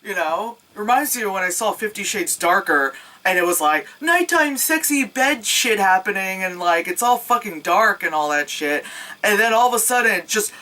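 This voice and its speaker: Animated, bright-voiced woman reviewer. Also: medium pitch, moderate pace, rough recording. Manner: animated, sarcastic, swears freely, acts out scenes with yelps. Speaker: movie reviewer. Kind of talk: casual profane movie recap.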